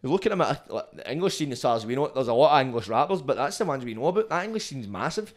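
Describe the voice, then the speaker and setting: Scottish bloke on a podcast, mid voice, rambly, lots of aye and swearing. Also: male voice, medium pitch, sing-song, rapid-fire. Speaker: guest. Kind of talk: casual chat.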